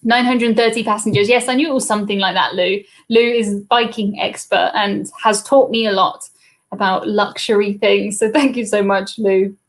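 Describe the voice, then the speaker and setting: A woman's voice: medium pitch, fairly even intonation, moderate pace. A British woman hosting a live cruise trivia stream in a chatty, casual way, reading out viewers' comments and answering them into a laptop webcam mic.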